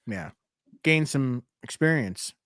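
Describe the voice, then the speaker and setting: A man co-hosting a casual podcast, tossing in quick teasing questions and laughing often. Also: a little high, vocal fry, a bit bright, smooth, dry recording, studio quality. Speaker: podcast co-host.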